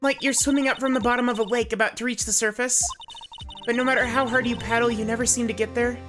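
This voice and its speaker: A woman voicing an earnest young female assistant in a bright questioning tone, over game music. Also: on the high side, steady tone, fast, voice pushed up, lightly acted. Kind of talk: voicing a game character on a livestream. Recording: game music playing underneath.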